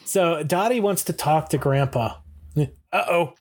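Upbeat higher-voiced man recapping a show. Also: husky. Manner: animated plot retelling, acts out character lines. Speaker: podcast co-host. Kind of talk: casual episode recap chat.

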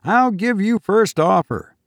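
A man's voice: high-pitched, lively intonation, measured pace, dry recording, clean studio sound, voice pushed up. A man voicing a broke young schemer with a light, mocking manner.

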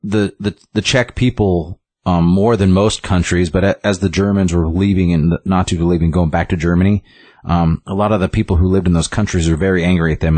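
Male comic reviewer, deep, dry close sound, rambling casual chat. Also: a little mellow, no room sound. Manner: rambling, full of likes and ums.

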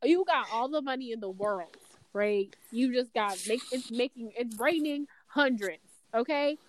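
A woman's voice: on the high side, measured pace, a little hiss or hum, rough recording. A woman co-hosting a casual podcast, bubbly and teasing. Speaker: podcast co-host. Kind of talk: casual chat.

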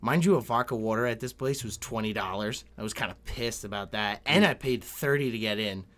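A young man telling a story in casual chat, swearing often, laughing and getting animated. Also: fairly low pitch, fairly quick.

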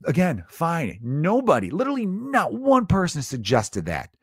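A man's voice: a little high, wildly swooping pitch, normal speed, slightly rough, no echo, studio quality. A male comedian hosting a podcast, ranting in a profane, sarcastic, exasperated monologue.

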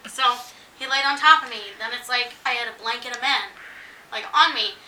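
A high, very bright woman telling a story in casual chat. Her voice rings in an echoey room and she sits a little back from the mic. She talks in an animated way, acting out the quotes. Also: brisk, recorded from a distance.

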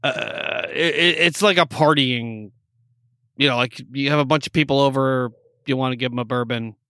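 A man's voice: mid-range voice, moderate pace, bright, forceful tone, clean tone, dry recording, clean studio sound. A man co-hosting a casual drink-tasting podcast, joking and often restarting his sentences. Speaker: podcast co-host.

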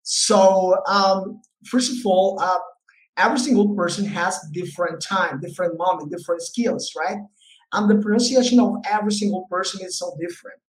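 A man's voice: sits high, moderate pace. Spanish-accented man in an echoey room. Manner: chatty, explains with fillers and "right?" tags. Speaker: English teacher guest. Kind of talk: casual podcast interview. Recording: echoey room with faint noise.

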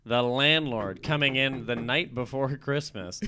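A man narrating an improvised comedy sketch at an unhurried pace. His voice is bright and his delivery offhand. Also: medium pitch, slight background noise.

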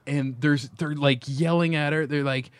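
A man's voice: a little high, fairly even intonation, moderate pace, smooth, no room sound. A man hosting a casual chat show from a bar, telling upbeat stories and laughing a lot. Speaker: show host.

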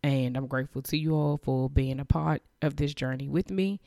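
A woman's voice: extremely low pitch, moderate pace, creaky, warm tone, no echo, clean studio sound. A woman hosting a podcast, giving a heartfelt, emotional, faith-based message of encouragement. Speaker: podcast host.

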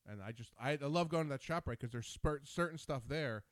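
Male talk-show host, New Jersey native, rapid lively storyteller, dry close sound. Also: mid-range voice, no echo. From New Jersey, USA. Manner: animated storyteller, quick and rambling. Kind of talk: casual chat.

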